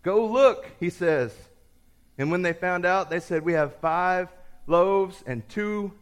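Guy preaching, kinda high voice, tells a story all animated. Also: takes it slowly, clear, resonant tone. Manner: animated storyteller, acts out the characters. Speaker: pastor. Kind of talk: sermon with a told story.

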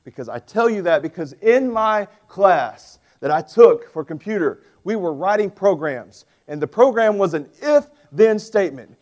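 A man in his forties preaching a sermon as pastor, with animated, emphatic storytelling. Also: sits high, moderate pace, hardly any pauses.

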